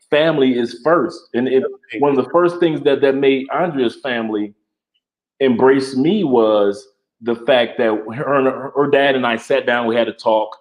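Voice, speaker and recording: A man with an ordinary mid-pitched voice talks in a relaxed chat. He reflects as he speaks and often repeats a word or two before finding his point. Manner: reflective, repeats words while gathering thoughts. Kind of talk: casual chat.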